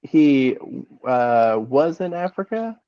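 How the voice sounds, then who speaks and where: A man co-hosting a casual movie podcast, rambling with halting restarts. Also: fairly high pitch, very animated, smooth, no echo. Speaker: podcast co-host. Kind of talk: casual chat. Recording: dull dry call audio.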